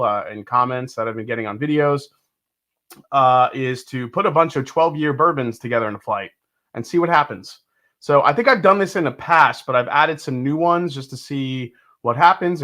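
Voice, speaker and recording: A middle-aged man hosting a casual whiskey livestream, rambling with lots of fillers and restarts, greeting the chat loudly and cheerfully. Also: mid-range voice. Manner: loud upbeat greetings to the chat. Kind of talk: casual live-stream chat.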